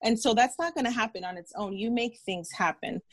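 A woman's voice: fairly high pitch, fairly quick. A woman in her thirties, a physician guest in an interview, talking earnestly and encouragingly, repeating phrases and acting out quotes. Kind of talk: interview storytelling.

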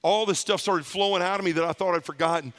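High-voiced man giving a testimony. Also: fast. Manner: lively storyteller acting out voices. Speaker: conference speaker. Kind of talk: personal testimony to a men's conference.

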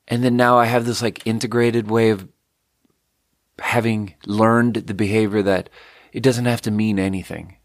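A man's voice: fairly low pitch, little pitch movement, normal speed, no echo, studio quality. A man from Sweden, telling a rambling story in a casual solo monologue full of "like". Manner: casual, meandering, lots of "like".

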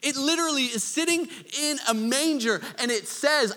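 A man preaching a sermon, conversational with joking asides, swinging from loud to hushed. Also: very high-pitched, normal speed, hardly any pauses, long reverb tail. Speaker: pastor.

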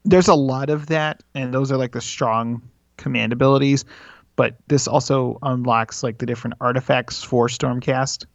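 A man in casual chat, calmly and knowledgeably explaining tabletop game rules. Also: mid-range voice, normal speed, gravelly, dry recording. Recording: dull, dry lo-fi audio.

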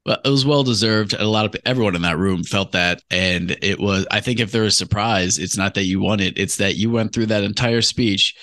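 Male podcast host, lower voice, steady and conversational. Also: a little fast, hardly any pauses. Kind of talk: interview chat.

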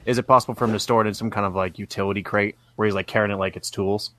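A man's voice: fairly low pitch, steady tone, very fast, fairly bright tone, no echo. A man playing in a tabletop game, talking casually and laughing easily. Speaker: player.

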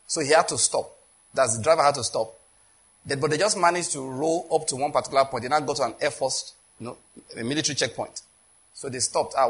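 This sermon comes from a Nigerian-accented man whose fairly bright voice sits on the high side with a breathy edge. Conversational and story-driven, he acts out dialogue and frequently asks if his audience is following the point.

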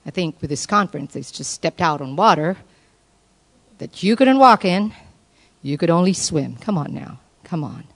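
A woman preaches a sermon at a women's conference with passion, swinging from soft, low appeals to high, exclaiming calls. She is expressive and keeps a moderate pace.

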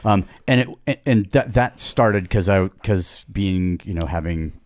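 Low-voiced rambling middle-aged man. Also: unhurried, darkish tone, no echo, clean studio sound. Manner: rambling, many restarts and asides. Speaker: podcast guest. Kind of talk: casual storytelling.

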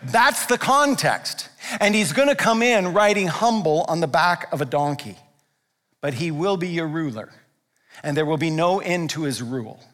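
A man delivers a sermon in a notably high voice, pressing his points with emphasis. He moves between quiet, hushed passages and loud, driving ones. His words hang in the long reverb of a large hall. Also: lively intonation, normal speed. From Canada. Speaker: pastor.

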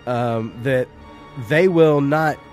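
A man's voice: mid-range voice, extremely slow, faint music behind. A man co-hosting a podcast, rambling and restarting sentences as he discusses a film, swearing casually. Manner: rambling, hesitant, profane. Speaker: podcast co-host.

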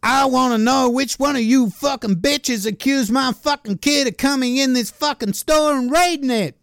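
A man puts on a raging, foul-mouthed woman, her voice pushed far higher than his own and shrill. She screams threats and abuse with no let-up, and the sound is close and dry. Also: normal speed, fairly bright tone, clean tone, no room sound.

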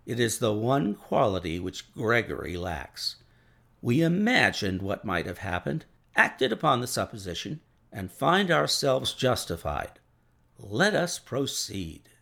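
A man voicing a brisk, keen-minded male detective in a read-aloud story, reasoning aloud in a crisp manner. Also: mid-range voice, big pitch swings, bright, forceful tone, exaggerated voice. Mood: pleased. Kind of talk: storybook reading.

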